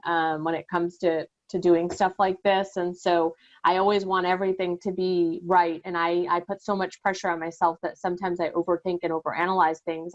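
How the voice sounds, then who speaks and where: A woman being interviewed on a podcast, speaking haltingly with many restarts and nervous laughs. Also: fairly low pitch, highs cut off. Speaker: guest sharing her exam success story.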